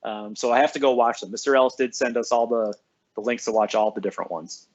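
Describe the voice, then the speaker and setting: A man's voice: medium pitch, fairly even intonation, fast talker, dull audio. A man who works as a school librarian, chatting casually on a live stream with students. He reads out their names and comments and answers them cheerfully.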